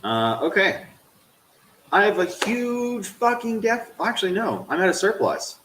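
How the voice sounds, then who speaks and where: A man streaming a game, swearing at it and swinging from low grumbling to loud yelling while he talks to his chat. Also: very animated, unhurried, reverberant, noisy background. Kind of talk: live game stream commentary.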